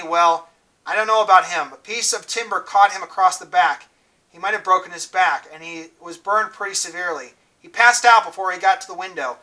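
A man reading aloud, voicing a calm, kindly adult schoolteacher who speaks softly and reassuringly to an injured boy. He is heard from some distance away from the mic. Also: high voice. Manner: soft, reassuring.

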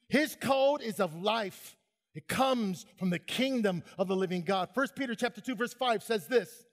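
Older male preacher, fervent and high-voiced, long hall reverb. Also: normal speed. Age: 60s. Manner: fervent, calls to the crowd. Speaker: conference keynote speaker. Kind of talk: preaching sermon.

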